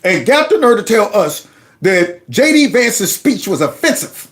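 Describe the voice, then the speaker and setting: A man's voice: sits high, big pitch swings, measured pace, a bit bright. A man hosting his own commentary channel, reacting to a news clip in an incredulous, ranting way and acting out quotes.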